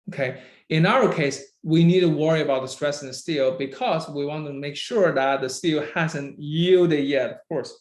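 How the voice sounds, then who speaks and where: A man with a mid-range, somewhat dark voice lectures a university engineering class. He keeps asking "right?" and "okay?" to check that students follow, and praises them by name.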